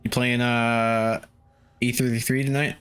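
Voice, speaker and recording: A man's voice: medium pitch, little pitch movement, unhurried, fairly bright tone, clear, resonant tone, soft background music. A man casually commenting while streaming a video game, cursing and laughing often. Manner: loose, profane, laughs often.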